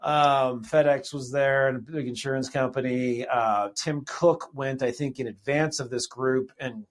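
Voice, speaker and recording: A man's voice: medium pitch, fairly even intonation, measured pace. A man hosting a podcast, wry and sarcastic, with frequent ums. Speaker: podcast host. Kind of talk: casual podcast talk.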